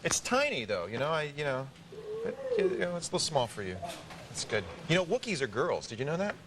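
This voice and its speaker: A joking man hosts a live TV tech show in a studio, his pitch leaping up and down as he plays to the room. His voice sits a little high for a man, and there is clear noise behind him. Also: fairly quick. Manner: joking, playful, animated. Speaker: TV show host. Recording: noisy TV studio.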